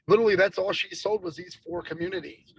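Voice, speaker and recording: Gravelly-voiced man coaching on a call. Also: sits high, big pitch swings, quick pace, low-quality recording. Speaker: real estate agent and team leader. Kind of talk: casual group video-call discussion.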